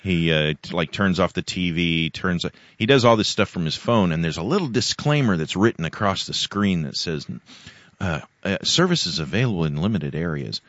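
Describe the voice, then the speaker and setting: A man's voice: deep voice, expressive, moderate pace, fairly bright tone, dry recording. A man hosting a podcast, talking in a casual, hesitant way full of fillers. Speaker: podcast host. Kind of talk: casual conversation. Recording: dull lo-fi sound, dry.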